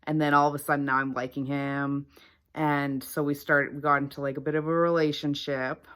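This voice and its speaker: A woman's voice: sits low, flat delivery, a little fast, a bit bright, clean tone. A woman vlogger telling a personal faith testimony to the camera in an earnest, chatty way, with many fillers.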